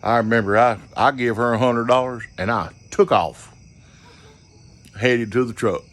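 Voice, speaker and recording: A man's voice: medium pitch, moderate pace, fairly bright tone. A man telling a rambling, profane story in a casual, folksy way.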